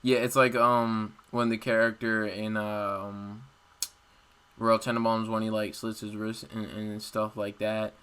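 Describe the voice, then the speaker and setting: A man chatting casually on a podcast, hesitant and halting with frequent ums. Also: lowish voice, flat delivery, fairly bright tone, smooth. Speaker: podcast participant.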